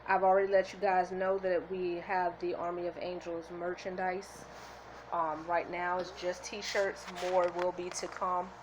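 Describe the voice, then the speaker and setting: A woman's voice: fairly low pitch, flat delivery, unhurried, slight background noise, poor audio. A woman vlogging to her viewers with the camera in her hand, earnest and heartfelt, close to tears with happiness. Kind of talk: emotional motivational vlog. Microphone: handheld camera.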